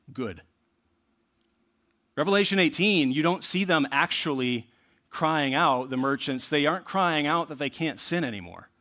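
A man preaching a sermon in an earnest way, going from low asides to loud bursts. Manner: earnest preaching, rising to loud bursts when reading scripture. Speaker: pastor.

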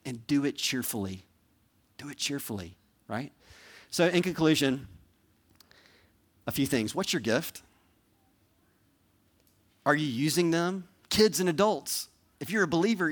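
A man's voice: a little high, fairly bright tone. A male pastor delivering a sermon in an earnest, conversational way, pleading with listeners and checking in with "right?" and "okay?".

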